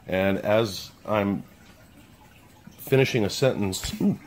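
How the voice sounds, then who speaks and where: Middle-aged man, very low voice, blunt profane storyteller; faint hiss behind. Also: slow, poor audio. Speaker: channel host. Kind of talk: casual storytelling to camera. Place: his house basement.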